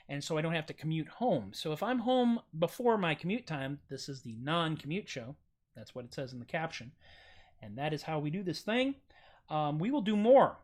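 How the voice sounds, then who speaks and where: An American man hosting a casual livestream from home, chatty and self-mocking, with goofy jumps up in pitch on his jokes. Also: fairly bright tone. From United States. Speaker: streaming musician host.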